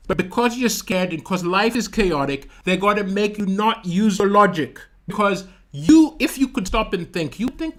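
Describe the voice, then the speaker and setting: Stand-up comedian from Malawi, male, who tells lively stories into a streaming mic and mixes in sound effects. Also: sits high. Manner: animated storytelling with vocal sound effects. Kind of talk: stand-up comedy livestream talking to chat.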